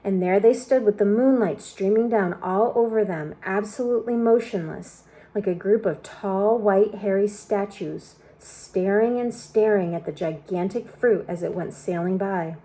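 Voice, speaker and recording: A woman reading a children's book aloud with expressive storytelling narration. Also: mid-range voice, a little slow, few pauses. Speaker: storybook reader.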